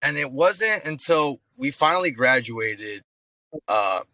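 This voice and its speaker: A man's voice: mid-range voice, slow pace, no room sound, poor audio. A man in his thirties, an active-duty Marine guest, telling stories in a loose, profane way on a podcast and calling everyone "bro.". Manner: slangy, profane, says "bro" often; animated storyteller acting out voices. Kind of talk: casual podcast storytelling.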